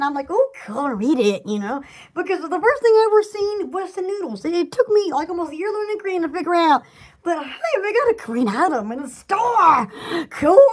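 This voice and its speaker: A woman from Alabama chats with her viewers at home in a very high, squeaky voice that leaps up and down in lively swoops. She rambles and giggles, restarting her sentences and bursting into excited little exclamations. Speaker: vlogger chatting to viewers. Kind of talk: casual chat.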